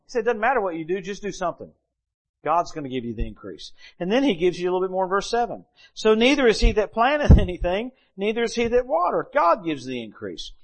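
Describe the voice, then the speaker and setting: A middle-aged male preacher delivering a sermon in a slightly higher-than-usual voice. He reads scripture aloud and then moves into lively, humorous storytelling. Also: fast.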